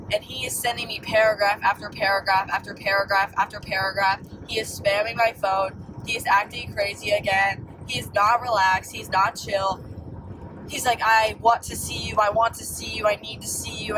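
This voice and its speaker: A young woman calling in by voice memo, telling a story in an exasperated, animated way with plenty of swearing. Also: mid-range voice. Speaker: caller. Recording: distant voice memo with background noise.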